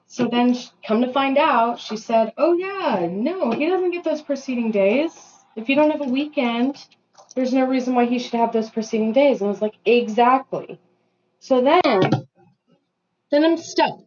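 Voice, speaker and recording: A woman in her thirties venting in a casual vlog, ranting and animated with self-deprecating asides while getting ready at home. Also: on the high side. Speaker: vlogger. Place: bathroom at home. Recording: slightly dull lo-fi sound.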